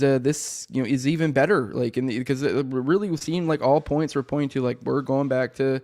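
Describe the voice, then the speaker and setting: A man hosting a podcast, reading news articles aloud and rambling through commentary, with his voice choked up and rough. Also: medium pitch, darkish tone. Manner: rambling, many restarts and fillers, swears casually. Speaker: podcast host.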